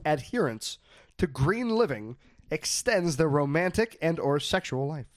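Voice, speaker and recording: A man's voice: fairly high pitch, expressive, measured pace, dry recording. A man hosting a comedy podcast, joking and stumbling as he reads facts to his co-hosts. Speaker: podcast host.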